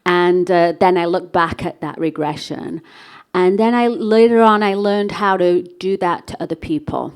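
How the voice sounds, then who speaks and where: Storytelling woman on stage, lowish voice, chatty and animated. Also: moderate pace, smooth. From England. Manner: chatty, animated, acts out quoted dialogue. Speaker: workshop speaker. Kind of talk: storytelling talk to a live audience.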